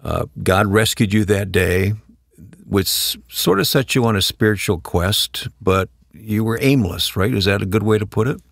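A man with a low, gravelly voice interviews a guest. He asks gentle, encouraging questions, and the sound is dry with no room echo. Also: normal speed.

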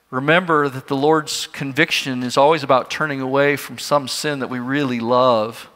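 A man's voice: on the high side, pushed and bright. A man preaching a sermon to his congregation, earnest and questioning his listeners. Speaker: pastor. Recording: long hall reverb.

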